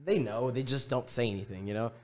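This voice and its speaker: A man's voice: medium pitch, quick pace, a little mellow. Young male podcast host, casual and hedging, mid-range voice. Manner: hedging, checks in with "you know?". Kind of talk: casual chat.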